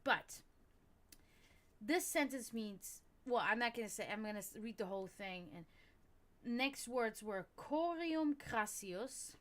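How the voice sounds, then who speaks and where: With a medium-pitched, slightly bright voice, a woman from Germany takes a measured pace with long pauses as she reads and discusses esoteric texts on a livestream. Her chat is casual and tangent-prone, and she swears when something bothers her.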